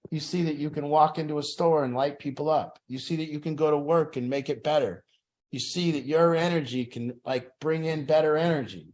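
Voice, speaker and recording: A man's voice: a little high, steady tone, brisk, a little mellow. A man leading an addiction support group, talking in an earnest, plain-spoken way that repeats phrases for emphasis.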